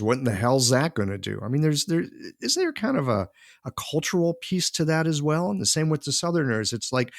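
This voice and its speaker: A man's voice: medium pitch, sing-song, moderate pace, no echo. A male podcast host who thinks aloud as he shapes his questions. He has a mid-range voice and a casual, loose way of phrasing. The recording is dry and close to the mic. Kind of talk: conversational interview.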